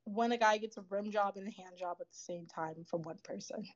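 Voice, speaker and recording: Woman co-host, middle pitch, plays quizmaster, muffled lo-fi audio. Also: fairly quick. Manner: reads out definitions, teasing. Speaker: podcast co-host reading out terms. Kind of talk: casual group chat.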